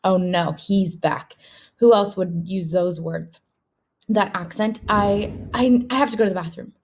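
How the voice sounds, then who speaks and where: A woman's voice: mid-range voice, unhurried. Woman reading a storybook to kids. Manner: steady, clear reading to children. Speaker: teacher reading aloud. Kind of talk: read-aloud storybook narration.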